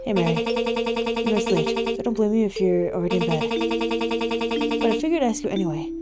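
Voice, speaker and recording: A woman's voice: on the high side, fairly quick, loud music behind the voice, pitched above the performer's own voice, natural voice. A woman voicing a friendly young woman in game dialogue, talking in a casual, easygoing way.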